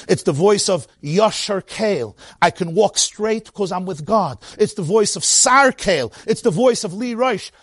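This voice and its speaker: A man's voice: fairly high pitch, breathy edge, no echo, clean studio sound. A man giving a sermon as a religious teacher. He speaks with passion and emphasis, repeats phrases for effect, and sprinkles in Yiddish words. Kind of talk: weekly sermon to a congregation.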